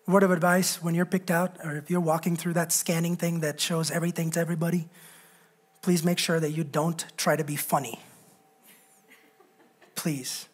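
A man preaching a sermon as a pastor, moving from raised, fervent passages to quiet, joking storytelling. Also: little pitch movement, normal speed, long pauses, husky. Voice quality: swings from loud preaching to low, quiet asides. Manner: humorous storytelling with self-deprecating jokes.

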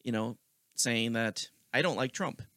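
A man's voice: medium pitch, measured pace, pushed and bright, no echo, clean studio sound. A man co-hosting a podcast, agreeing often and chatting casually, swearing now and then. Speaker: podcast co-host. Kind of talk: casual political chat.

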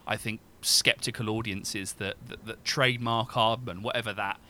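A man's voice: lowish voice, steady tone, normal speed, sharp tone, slight background noise. A man discussing animation as a guest scholar, thinking aloud with many restarts. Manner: rambling, many restarts and fillers. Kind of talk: academic discussion.

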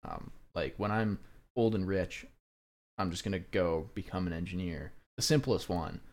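A young man co-hosting a podcast, telling stories in an animated way and saying "like" often. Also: low voice, normal speed. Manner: animated storyteller, many fillers like "like". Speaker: podcast co-host. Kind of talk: casual chat.

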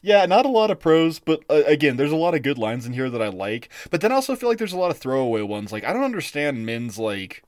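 A man co-hosting a podcast in a rambling, casual chat style, full of fillers and quick laughs. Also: fairly high pitch, very animated, no echo, clean studio sound. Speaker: podcast co-host.

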